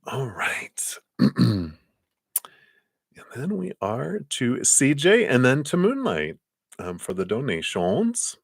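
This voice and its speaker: A man giving live tarot readings in a gentle, meandering way, with many fillers and soft laughs. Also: medium pitch, huge pitch swings, slow pace, creaky, long pauses, no echo, clean studio sound. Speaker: tarot card reader.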